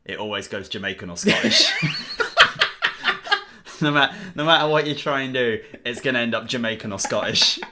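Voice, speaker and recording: A man co-hosting a casual podcast chat in a relaxed, agreeable way. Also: mid-range voice, fast talker, few pauses, very noisy. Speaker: podcast co-host.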